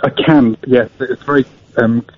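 A man calling a radio show on a tablet headset, talking hesitantly with many pauses. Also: mid-range voice, fairly even intonation. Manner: hesitant, many ums, earnest. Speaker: caller. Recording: dull lo-fi phone-in audio.

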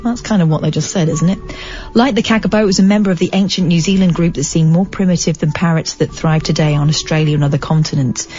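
A woman hosts late-night talk radio in a chatty, wry way, reading news items with mock-dramatic emphasis. Her voice is low and mellow. The broadcast sounds slightly dull, with faint music underneath. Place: radio studio. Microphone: studio microphone.

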